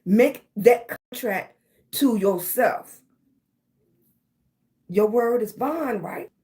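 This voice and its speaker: A middle-aged woman hosts a motivational livestream. She talks slowly and pushes each affirmation again and again, calling her viewers baby. Her voice sits a little high. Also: lively intonation, dark tone. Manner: emphatic, repetitive affirmations, calls viewers baby. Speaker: livestream host.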